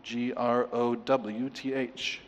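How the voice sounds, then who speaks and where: A man's voice: medium pitch, little pitch movement, slow, in a large hall, highs cut off. A man preaching an expository sermon, emphatic and questioning his listeners as he works through a text. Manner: emphatic, asks the congregation questions. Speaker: pastor.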